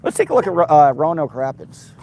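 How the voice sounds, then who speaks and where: A man's voice: fairly high pitch, big pitch swings, quick pace, vocal fry, warm tone, slight background noise. A man livestreaming casually on a road trip, rambling, reading chat aloud and talking to his dog. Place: outdoors and in a car on a road trip.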